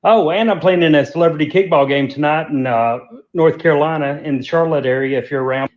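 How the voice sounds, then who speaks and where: A man talking casually into his phone with wry, deadpan humor. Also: a little high, quick pace. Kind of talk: casual phone video monologue. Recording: echoey room.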